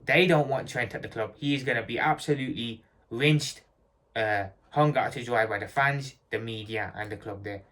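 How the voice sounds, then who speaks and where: A man's voice: mid-range voice, normal speed, a bit bright. A man giving a blunt, repetitive fan rant about football, hammering his points home.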